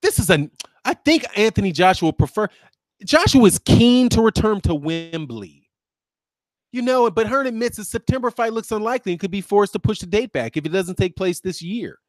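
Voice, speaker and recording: A man's voice: sits high, expressive, moderate pace, no echo, studio quality. Mocking guy ranting about boxing, voice bouncing all over, laughs a lot. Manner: mocking, sarcastic, laughing often. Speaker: boxing commentary channel host. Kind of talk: casual reaction commentary.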